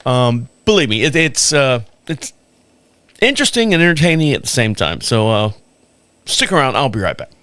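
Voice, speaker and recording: A mid-range male voice at normal speed tells casual stories on a podcast live stream. The host is animated, chuckling and acting out the dialogue, and there's no echo.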